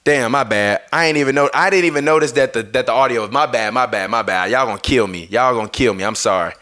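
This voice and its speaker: A man's voice: medium pitch, fast talker, pushed and bright. A man hosting a live basketball stream, ranting heatedly with swearing and arguing with viewers, apologizing over audio trouble with his mixer. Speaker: basketball podcast host. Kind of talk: live-stream sports rant. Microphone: streaming through a mixer.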